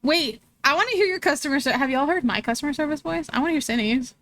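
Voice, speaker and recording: A woman's voice: sits high, animated, quick pace, a bit bright. A young woman streaming, chatting casually with her viewers and laughing often as she reads chat aloud.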